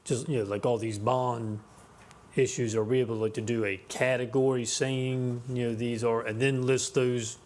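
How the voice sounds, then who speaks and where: A council member asking halting, filler-heavy questions during a county work session. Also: male voice, mid-range voice, flat delivery, darkish tone. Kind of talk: meeting discussion.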